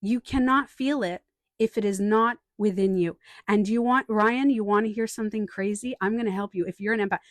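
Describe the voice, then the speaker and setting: Brisk and medium-pitched, a woman speaks with studio quality and no echo. She's a life coach and author on a live stream, answering the chat and animatedly telling stories in a chatty way, acting out the quotes.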